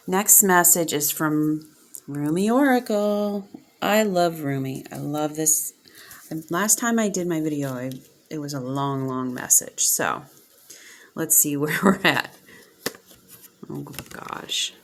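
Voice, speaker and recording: A woman reading spiritual oracle cards aloud, soft-spoken and gushing, sometimes dropping to near-whispers. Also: deep voice, slow, long pauses. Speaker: oracle card reader.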